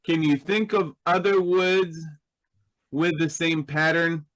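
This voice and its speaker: A man's voice: a little high, steady tone, slow, fairly bright tone, poor audio. A man teaching a Hebrew grammar class, explaining patiently and checking in with his students.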